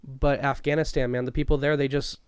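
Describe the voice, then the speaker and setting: A man's voice: medium pitch, little pitch movement, fairly quick, clean tone, no room sound. A young man co-hosting a podcast, talking loosely in a rambling way and swearing often. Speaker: podcast co-host. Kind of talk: casual chat.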